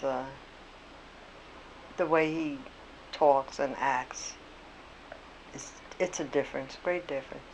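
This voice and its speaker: A woman in her eighties who gently prompts her husband and speaks about him patiently. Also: low voice, long reverb tail, a little hiss or hum, rough recording.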